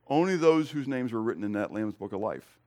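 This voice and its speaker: A man preaching a sermon to his congregation, conversational, asking them direct questions and moving between loud emphasis and quiet, low remarks. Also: lively intonation, a little fast. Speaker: pastor. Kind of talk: expository sermon.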